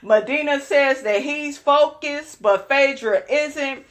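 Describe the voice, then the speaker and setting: A young woman with a high voice hosts a recap channel for a reality show. She speaks slowly, casually and sassily, packs in strong opinions, and keeps calling her viewers "honey."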